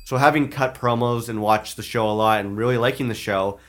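Casting: young male podcast co-host, mid-pitched, relaxed, talks things through at length. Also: fairly quick. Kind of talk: casual chat.

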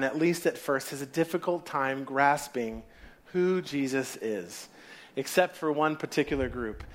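A man preaching a sermon, telling stories and dropping to quiet asides. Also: on the high side.

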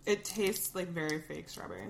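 A woman's voice: fairly low pitch, big pitch swings, moderate pace, creaky, heavy background noise. A woman co-hosting a podcast from her kitchen in casual chat, wry and giggly with dramatic complaints. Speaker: podcast co-host.

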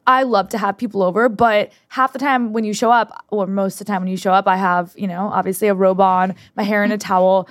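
A woman's voice: mid-range voice, brisk, few pauses, no echo. Young woman on a podcast, chatty, acts out what people said, dry close sound. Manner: animated storytelling, acts out quotes. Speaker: podcast co-host. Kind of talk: casual chat.

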